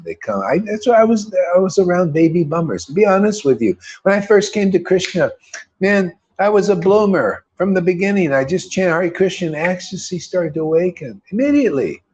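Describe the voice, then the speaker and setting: A man's voice: fairly high pitch, a little mellow, husky, muffled recording. A man giving a casual, rambling devotional talk with a laid-back manner, often tossing in "man". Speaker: devotional speaker.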